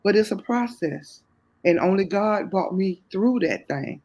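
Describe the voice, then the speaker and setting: A woman's voice: medium pitch, expressive, unhurried, darkish tone. Woman guest with a Southern US accent; earnest, faith-driven, repeats lines for emphasis. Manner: heartfelt, faith-filled, repeats phrases for emphasis. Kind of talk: candid testimony in conversation.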